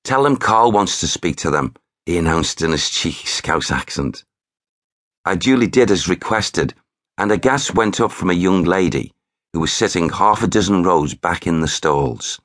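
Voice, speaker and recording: Deep-voiced man narrating a memoir. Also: expressive, moderate pace, fairly bright tone, dry recording, studio quality. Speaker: author and narrator.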